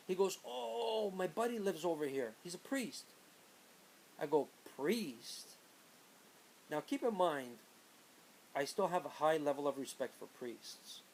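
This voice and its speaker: A man in his late thirties talks through an old story in a loose, conversational way, often breaking off for asides. His voice sits a bit high for a man. A faint hiss runs under the recording. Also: darkish tone, poor audio. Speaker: vlogger. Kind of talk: casual storytelling.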